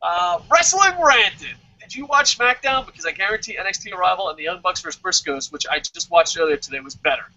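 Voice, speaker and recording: A man hosting a casual wrestling review podcast, excitable and slightly tipsy, often acting out quoted voices. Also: high voice, a little fast, creaky, hardly any pauses. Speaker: podcast host. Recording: dull lo-fi sound.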